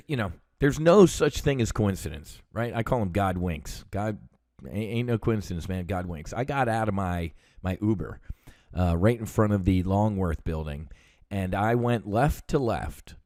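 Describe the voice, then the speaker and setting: A veteran from the United States hosts a show, telling a story in a casual, heated rant packed with fillers and profanity. His voice is lowish and a little mellow, with lively intonation and a slightly slow pace, recorded dry in studio quality.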